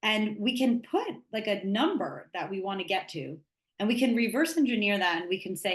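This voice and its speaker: A woman hosts an interview podcast, posing long, thoughtful questions with plenty of "you know" and "like". Her voice is mid-pitched, and the recording carries a noticeable room echo around her. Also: animated, normal speed. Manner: thoughtful, rambling questions with many fillers. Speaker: podcast host. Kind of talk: conversational interview.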